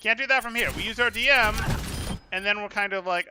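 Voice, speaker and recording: A man coaching a player through live gameplay, brisk and emphatic, repeating his key points. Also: high-pitched, noisy background. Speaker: game coach.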